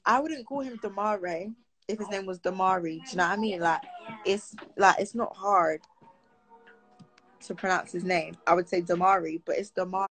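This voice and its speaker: A woman's voice: medium pitch, moderate pace, fairly bright tone, faint music behind, rough recording. A teenage girl from Britain, chatting casually on a live stream and answering viewer comments aloud.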